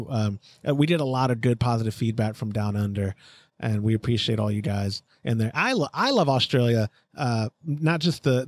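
A man's voice: mid-range voice, no echo. A man hosting a homebrewing podcast, chatting casually and reading out live chat comments. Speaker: podcast host.

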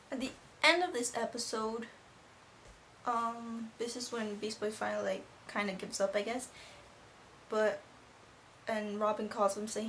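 A woman's voice: on the high side, steady tone, unhurried, slight background noise. A teenage girl casually reviewing a cartoon episode as a rambling, gushing fan. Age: teens. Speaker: video reviewer.

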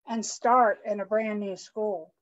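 A woman's voice: mid-range voice, fairly even intonation, slow. A woman reading a children's picture book aloud, adding chatty asides for her young listeners. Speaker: guest storytime reader. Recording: dull lo-fi online stream audio.

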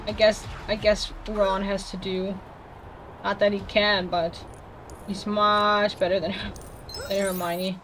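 A woman casually commenting on a video game as she plays, chatty and easily excited, talking to the characters on screen. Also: medium pitch, slow, pauses often, slight background noise. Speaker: let's play gamer.

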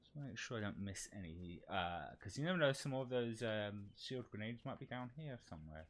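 A man streaming a shooter game, talking through his play in casual commentary and swearing excitedly at the enemies. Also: lowish voice, moderate pace. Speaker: VTuber streamer. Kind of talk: live gameplay commentary.

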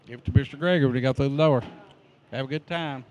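A man's voice: mid-range voice, fast, a little mellow, lo-fi sound, a little hiss or hum. A man greeting students at a school entrance outdoors, folksy and joking as he gives friendly instructions. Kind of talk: casual on-camera greeting.

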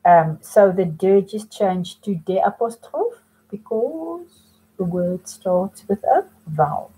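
A woman's voice: medium pitch, expressive, slow, mellow, husky, low-quality recording. A woman teaching French to students in a remote lesson, patiently explaining step by step and mixing in French phrases.

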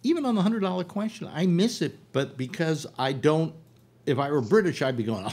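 Lively American man hosting a chat. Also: fairly high pitch, a little fast. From United States. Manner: animated, full of restarts and fillers. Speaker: host. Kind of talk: casual panel chat. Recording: online call audio.

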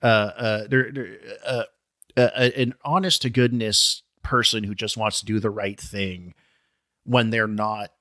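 A man co-hosting a casual podcast, his voice bright and forward with a low pitch underneath. He trips over his words and restarts often, tacking on side remarks. The sound is close and dry. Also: fairly even intonation, measured pace, dry recording. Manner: stammering restarts, digressive, apologetic asides. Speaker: podcast co-host.

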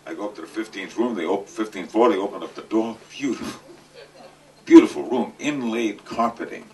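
An older man giving a comic, anecdotal speech at a charity event, delivering punchlines with deadpan timing. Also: fairly low pitch, fairly quick. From New York. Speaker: guest speaker at a charity event. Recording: distant mic with faint noise.

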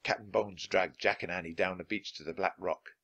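A man reading a children's chapter book aloud in an expressive, animated way. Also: sits low, a little fast, creaky. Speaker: audiobook reader.

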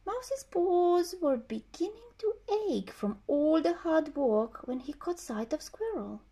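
Woman storyteller, children's story read-aloud, high voice, very lively pitch, slow pace. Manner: slow, expressive, sing-song.

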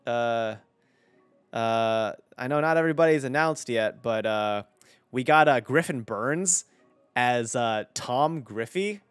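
A man's voice: mid-range voice, slow pace, clear, resonant tone, dry recording, soft background music. A young man streaming casually as a voice director. He rambles and swears, with lots of fillers. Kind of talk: casual stream chat while playing.

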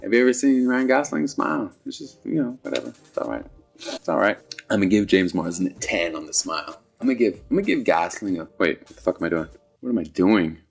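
A man giving a comedic, profane movie rant, sarcastic and animated, jumping into sudden high squeals. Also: fast talker, vocal fry, slightly rough, faint music behind. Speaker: movie reviewer.

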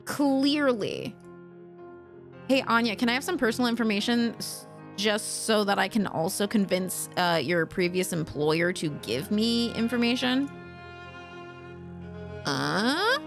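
A woman's voice: medium pitch, lively intonation, measured pace, gravelly, pauses often. A young adult woman doing casual, sarcastic gameplay commentary, chatty and swearing freely. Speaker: let's play streamer. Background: game music.

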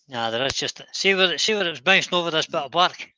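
Bright-voiced Scottish man thinking aloud. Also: fairly high pitch, lively intonation, fairly quick, dry recording, rough recording. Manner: thinks aloud, self-critical and easygoing. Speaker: woodturner hosting a live stream. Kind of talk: casual chat while working.

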